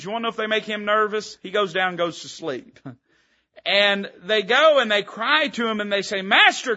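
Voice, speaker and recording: Bright-voiced preacher. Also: male voice, sits high, lo-fi sound. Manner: emphatic, rising and falling preaching cadence. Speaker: pastor. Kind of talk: sermon. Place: church sanctuary.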